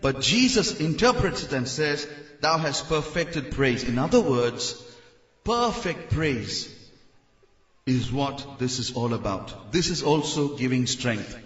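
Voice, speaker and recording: Male preacher, slow lively delivery, echoing hall, dull lo-fi sound. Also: mid-range voice. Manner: animated, mimics people, leads the crowd in shouts. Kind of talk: sermon.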